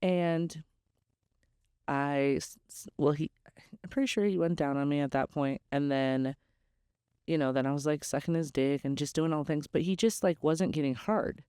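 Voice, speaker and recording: A woman's voice: deep voice, fairly even intonation, moderate pace, dark tone, clean tone, no room sound, clean studio sound. A young adult woman hosting a podcast, telling a personal story in a candid, chatty way with many "like"s. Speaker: podcast host. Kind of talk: casual storytelling.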